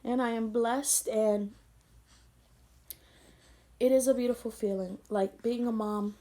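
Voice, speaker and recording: A woman's voice: fairly high pitch, steady tone, slow, dark tone. A young woman vlogger telling an emotional story, tender and rambling, teary-eyed as she talks.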